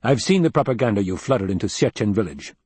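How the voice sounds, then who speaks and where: A man's voice: lowish voice, very animated, fast, a little mellow, slightly rough, no echo. A man voicing a stiff, guarded male planetologist in an audiobook, speaking in a curt, clipped way. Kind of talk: audiobook character reading.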